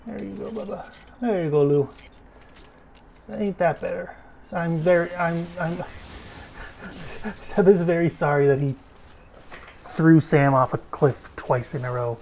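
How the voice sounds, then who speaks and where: A man giving casual gameplay commentary as a streamer. He chats freely, swears often and breaks into sudden loud exclamations. He talks while sitting in a desk chair at home. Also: a little high, measured pace, gravelly, pauses often, a little hiss or hum. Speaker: gaming streamer.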